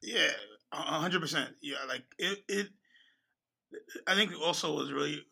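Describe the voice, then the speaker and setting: Gravelly, bright-voiced enthusiastic man. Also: fairly high pitch, normal speed, poor audio. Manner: enthusiastic, repeats words. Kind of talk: casual chat.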